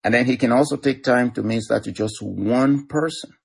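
A male pastor chatting in a relaxed, affirming way, filling his talk with "you know". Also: medium pitch, a little fast, vocal fry, slightly rough, dry recording. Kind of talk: casual ministry chat on a prayer line.

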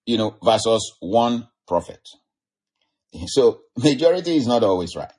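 A man's voice: lowish voice, lively intonation, brisk, a little mellow, husky. A man giving an informal sermon, retelling a Bible story in a rambling, conversational way full of "you know". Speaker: preacher.

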